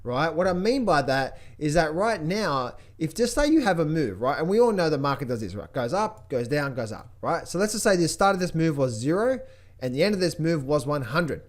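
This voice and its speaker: A man giving a casual trading market update, excitable and jokey, often repeating his phrases. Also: fairly high pitch, a little fast. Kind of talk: animated casual market commentary.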